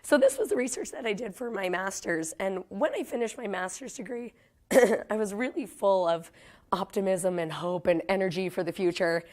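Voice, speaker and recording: Young woman from Canada, hoarse and losing her voice, relaxed self-deprecating guest lecturer. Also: moderate pace. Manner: speaks low, chatty and self-deprecating, laughs often. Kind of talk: casual public lecture.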